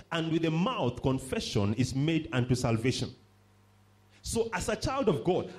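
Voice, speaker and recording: Lively, higher-voiced male preacher. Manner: emphatic, repeats phrases for stress and calls on the congregation. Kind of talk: sermon.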